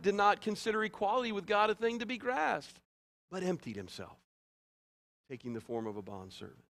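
A male pastor delivering a sermon with a fairly high voice for a man. He preaches in an earnest, conversational way, sometimes rising loud and sometimes dropping soft.

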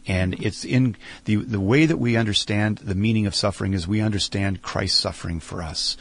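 A middle-aged man with a lowish voice speaks earnestly in an interview, sharing a heartfelt story about faith and slowing down for emphasis.

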